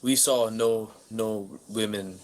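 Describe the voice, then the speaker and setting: A man's voice: fairly low pitch, fairly even intonation, slow, rough recording. A man voicing a male adventurer who speaks in a formal, old-fashioned, grandiose way. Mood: solemn. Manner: archaic, grandiose speech.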